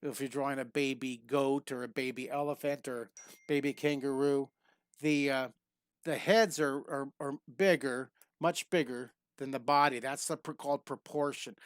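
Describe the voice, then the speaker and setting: A man's voice: mid-range voice, no room sound, clean studio sound. A man hosting a live drawing lesson, talking in an upbeat, encouraging way and often repeating reassuring catchphrases. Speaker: drawing teacher and host.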